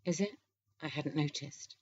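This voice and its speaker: Casting: woman reading as a smooth, flirty man in charge, low soft delivery, quietly confident, dull lo-fi audiobook sound. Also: a little slow. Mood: teasing. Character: charming flirtatious male boss. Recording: slightly dull lo-fi recording.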